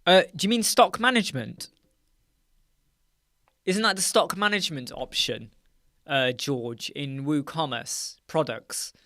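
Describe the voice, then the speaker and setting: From a dark room fitted with soundproof panels, a British live-chat host keeps things casual and jokey, laughing often as he reads viewers' comments. His fairly high, sharp-toned voice moves at a measured pace with frequent pauses. The studio sound is clean, with no room sound at all.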